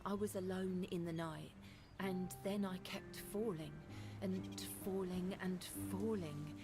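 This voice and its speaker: A quiet, low-voiced woman traveler. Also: fairly even intonation, slow pace. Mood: dreamy. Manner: quiet, reflective storytelling. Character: weary young woman traveler recalling a dream. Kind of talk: video game voice acting. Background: game music.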